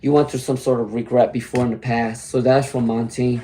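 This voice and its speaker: A man with a hoarse voice from laryngitis, giving a chatty live-stream tarot reading and greeting viewers by name. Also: mid-range voice, little pitch movement, fairly quick, mellow, a little hiss or hum. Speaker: tarot reader.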